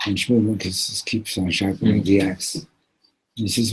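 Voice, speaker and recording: A man teaching a Torah class, telling stories in an animated way, acting out the characters and sprinkling in Yiddish and Hebrew words. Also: lowish voice, unhurried, pauses often, slightly rough, rough recording.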